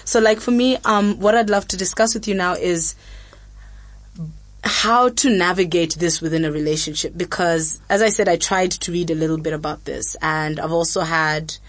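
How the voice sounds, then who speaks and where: A woman's voice: on the low side, moderate pace, no room sound. A young woman, hosting a frank, casual chat full of fillers and quoted asides. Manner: frank, chatty, many fillers, animated quotes. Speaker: podcast host.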